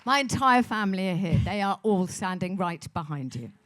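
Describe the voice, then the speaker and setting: A woman's voice: medium pitch, animated, normal speed, noisy background. A middle-aged woman, a guest on a festival stage, talking in a chatty, rambling, self-deprecating way into a stage microphone. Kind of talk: live on-stage conversation. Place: festival stage before an audience.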